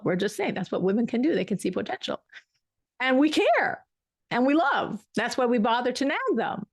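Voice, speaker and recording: A woman's voice: fairly high pitch, sing-song, normal speed, no echo, clean studio sound. A woman teaching a Torah class, telling a story with emphatic repetition. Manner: emphatic, repeats words for weight.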